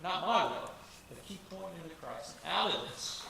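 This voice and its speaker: A man's voice: fairly high pitch, lively intonation, normal speed, creaky, pushed and bright. Rambling man testifying in an echoey church. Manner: folksy, rambling, many restarts. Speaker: church member giving testimony. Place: church hall. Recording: echoey church hall, distant mic, noisy.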